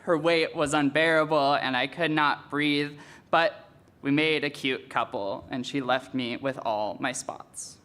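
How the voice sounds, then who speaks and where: A man's voice: on the high side, fairly even intonation, a little slow, background noise. A young man, a student poet, reading his poems aloud at a live reading after a candid, offhand introduction.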